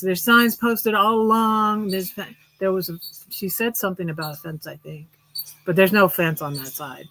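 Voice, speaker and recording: A woman's voice: medium pitch, normal speed, fairly bright tone, dry recording, low-quality recording. Woman rambling through a story on her vlog, kinda sarcastic, lots of ums and restarts, plain mid voice. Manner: rambling, restarts often, with many fillers; wry and sarcastic. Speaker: vlogger. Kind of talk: casual storytelling chat. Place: her tiny house.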